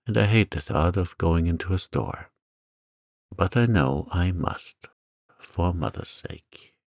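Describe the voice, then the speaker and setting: A man's voice: low-pitched, slow, dry recording, studio quality, full character voice. A man voicing a proud but downcast teenage boy in a storybook reading, brave yet dejected.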